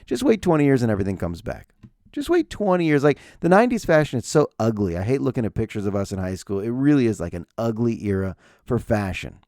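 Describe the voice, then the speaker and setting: A man's voice: mid-range voice, big pitch swings, fast, mellow, no echo, studio quality. A man in his forties hosting a podcast, telling stories casually and sarcastically and acting out the people in them. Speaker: podcast host. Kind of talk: casual solo storytelling.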